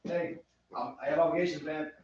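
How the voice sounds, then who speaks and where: A man's voice: on the high side, steady tone, brisk, darkish tone, slight background noise. A man co-hosting a home brewing show, joking casually as he excuses himself. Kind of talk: casual chat. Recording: echoey room, dull lo-fi sound from a distance.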